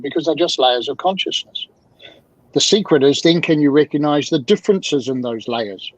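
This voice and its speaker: A man's voice: a little high, brisk, no echo. Man with dull, dry lo-fi audio. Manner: animated, repeats rhetorical questions. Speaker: guest, emotional communication mentor. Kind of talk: video-call interview talk.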